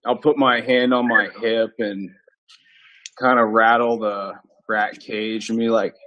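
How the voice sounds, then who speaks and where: Slow-talking man playing a tabletop game. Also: on the low side, level tone, bright, forceful tone. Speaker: player.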